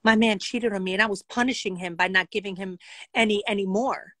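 A woman's voice: medium pitch, fairly even intonation, fairly quick, fairly bright tone, no room sound, natural voice. A woman doing a brazen flirt at a club.

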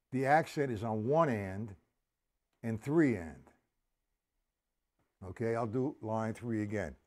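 A man's voice: medium pitch, darkish tone. A man teaching a drum lesson on a live stream, counting the beats aloud and explaining each stroke step by step.

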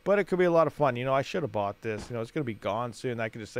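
A man's voice: medium pitch, very fast, clean tone, no room sound. A man hosting a gaming channel, rambling and thinking aloud as he plays and talks to his viewers. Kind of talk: casual gameplay commentary.

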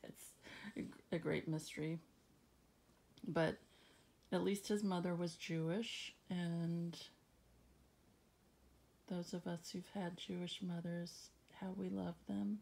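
A woman reading scripture aloud at home, then musing about it casually with fillers and soft laughs. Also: lowish voice, fairly even intonation, slow, vocal fry, long pauses. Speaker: Bible reading channel host. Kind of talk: casual Bible reading and reflection.

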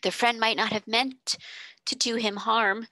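A woman reading aloud, voicing a frail, agitated older gentleman who questions urgently and breathlessly. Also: a little high, fairly even intonation, unhurried, dry recording, voice pushed up, low-quality recording.

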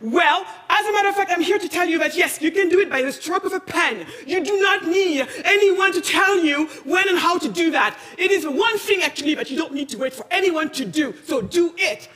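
A woman from Senegal giving a passionate conference talk, firing off challenging questions and rising to near-shouting. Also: very high voice, lively intonation, brisk, few pauses. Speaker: speaker at a conference. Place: large conference hall. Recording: long reverb of a large hall.

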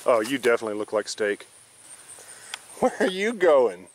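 A man's voice: mid-range voice, very animated, normal speed, a little hiss or hum. A man ranting bluntly and profanely in a casual vlog, recorded outdoors in a rural yard. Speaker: vlogger.

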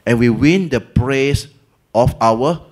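A Buddhist teacher with a Singaporean English accent gives a Dhamma talk in a mid-range voice at a slow pace. He tells the story with energy, acting out its characters, and his colloquial speech is sprinkled with Malay and Hokkien words.

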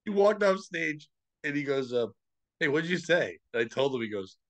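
A man's voice: on the high side, moderate pace, no room sound, rough recording. A man telling comedy stories in casual podcast chat, laughing often and acting out what people said. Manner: animated, laughs often, acts out quotes. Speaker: podcast host.

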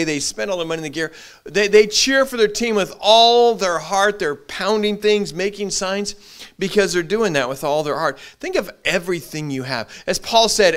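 A middle-aged man preaching a sermon as pastor, animated, repeating his words as he builds. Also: high-pitched. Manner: animated preaching, acts out short quoted voices, frequent repeated words.

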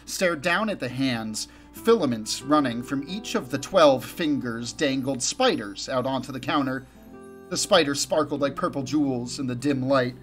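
A man giving an expressive first-person reading of a story as an audiobook reader, slowing down for emphasis and lifting his voice for quoted lines. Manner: dramatic, slows down for emphasis and rises in pitch for quoted speech.

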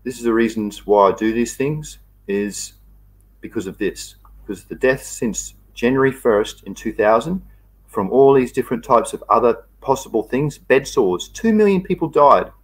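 A man's voice: mid-range voice, animated, moderate pace, husky. A man with an Australian accent hosting a casual livestream, reading out viewer comments and greeting each viewer by name in a laid-back, colloquial way. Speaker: livestream host.

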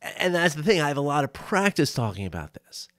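A man's voice: on the high side, very animated, fast talker, no echo, studio quality. A man coaching on a solo podcast, talking casually and often checking in with "right?" and small laughs.

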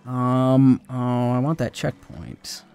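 A man's voice: medium pitch, little pitch movement, slow, mellow, clear, resonant tone, faint music behind. A man co-hosting a let's play, commenting casually on his gameplay with sarcastic, profane banter. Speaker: let's play co-host, playing the game.

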